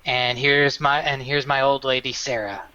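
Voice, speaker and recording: A man's voice: medium pitch, flat delivery, normal speed, bright, forceful tone, lightly acted. A man voicing a jovial male fisherman who greets strangers in a raised, welcoming way. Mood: hearty. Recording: dull lo-fi recording.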